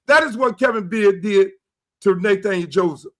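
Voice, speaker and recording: A middle-aged man hosting a sports talk show, animated and profane, acting out quoted dialogue as he rants. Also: high voice, moderate pace. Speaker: show host.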